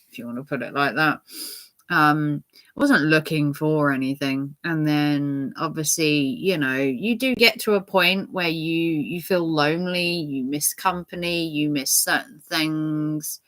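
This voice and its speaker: A woman's voice: deep voice, a bit bright. A middle-aged woman chatting casually to her viewers, rambling with lots of fillers and restarts. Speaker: channel host.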